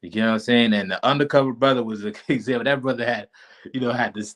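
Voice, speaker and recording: A man's voice: medium pitch, fast talker, poor audio. A man teaching a class casually over a live stream, informal and often checking in with his listeners.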